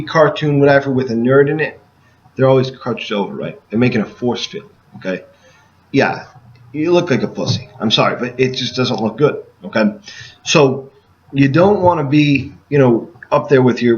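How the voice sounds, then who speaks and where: A man's voice: medium pitch, highs cut off. A man giving a casual sales training talk to door-to-door canvassers. He speaks emphatically and keeps checking in with "okay?" after each point.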